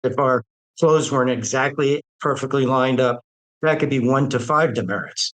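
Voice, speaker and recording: A man's voice: mid-range voice, moderate pace, fairly bright tone, rough recording. An older man bluntly retelling his own life story, with streetwise, quoted dialogue. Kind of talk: personal storytelling.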